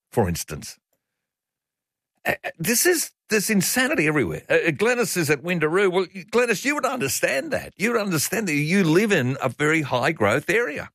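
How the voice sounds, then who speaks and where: An older Australian man hosts a talkback radio show in a chatty, opinionated manner. His voice sits a little high for a man. The studio sound is dry and close. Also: fairly bright tone, no echo. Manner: opinionated, chatty, reads out listener messages.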